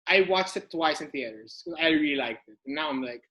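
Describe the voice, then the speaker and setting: A man's voice: fairly high pitch, lively intonation, fairly quick, bright, forceful tone, low-quality recording. A man co-hosting a podcast in casual chat, rambling with stammered restarts and swearing for emphasis. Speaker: podcast co-host.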